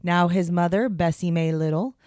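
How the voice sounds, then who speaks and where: A woman's voice: fairly low pitch, normal speed, darkish tone, clear, resonant tone, no room sound. Lady co-hosting a true crime podcast from a little hotel room, chatty and rambly, dry close sound. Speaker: podcast co-host. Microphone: headphones and portable podcast setup.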